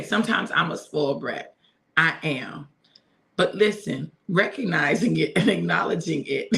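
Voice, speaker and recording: A woman's voice: low voice, creaky, fairly bright tone. A middle-aged woman giving a casual spiritual talk to her listeners, repeating phrases for emphasis and speaking to them directly. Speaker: minister sharing a devotional.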